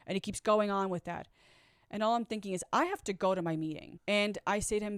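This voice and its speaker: A woman telling her own story straight to the camera, candid and conversational, blunt enough to swear. Her voice is smooth and clear, and the sound is dry and close with no room echo. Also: mid-range voice, quick pace. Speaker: vlogger. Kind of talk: personal storytelling.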